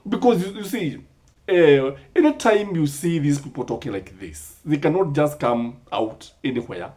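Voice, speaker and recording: A man's voice: a little high, expressive, normal speed, warm tone. Kenyan man, emphatic, rising and falling delivery, public commentary. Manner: rhetorical questions, emphatic, mixes in Swahili sayings.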